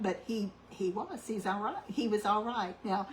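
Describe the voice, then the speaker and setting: Soft-spoken woman telling a story. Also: medium pitch, moderate pace, hardly any pauses, low-quality recording. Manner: soft-spoken, meandering with many ums, gets louder when excited. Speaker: cooking channel host. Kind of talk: heartfelt personal storytelling.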